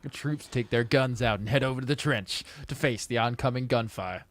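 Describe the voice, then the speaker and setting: A man's voice: medium pitch, a little fast, a bit bright, no echo. A man narrating a script aloud in a plain, matter-of-fact way.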